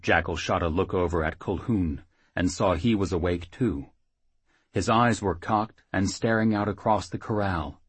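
A male audiobook narrator with a deep, husky voice reads scripted fantasy narration at a moderate pace. The recording is dry.

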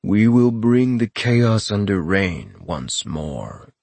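A man voicing a rasping, ancient voice of an elder race, speaking in slow, grave pronouncements. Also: on the low side, very animated, darkish tone, no room sound, pitched below the performer's own voice, exaggerated voice.

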